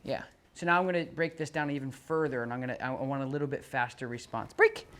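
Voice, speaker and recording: A dog trainer giving a live demonstration while walking a dog on a leash. The trainer talks steadily and plainly when explaining to the owner. Then the voice jumps up, loud and bright, to call and praise the dog. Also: mid-range voice, steady tone, fast.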